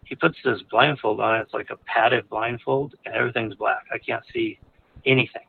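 Gravelly-voiced man calling in by phone. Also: medium pitch, steady tone, moderate pace, slight background noise. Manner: candid, rambling, chuckles between phrases. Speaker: caller. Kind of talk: frank personal storytelling. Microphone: phone call. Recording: tinny phone line.

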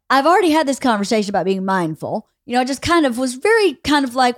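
Animated woman telling family stories. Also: sits high, fairly quick, few pauses. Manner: animated storytelling, acts out family members. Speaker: podcast host. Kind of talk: casual chat.

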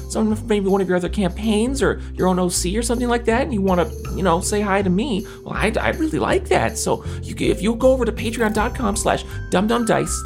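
A woman's voice: medium pitch, vocal fry. A woman voicing a shy, lonely character who lives in a castle, stammering eagerly through an ad read. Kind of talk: reading an ad in character.

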